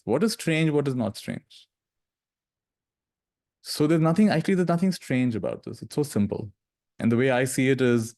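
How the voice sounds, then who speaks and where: A man leading a guided meditation talk, gentle and conversational, speaking in slow phrases with long pauses. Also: mid-range voice. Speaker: meditation teacher.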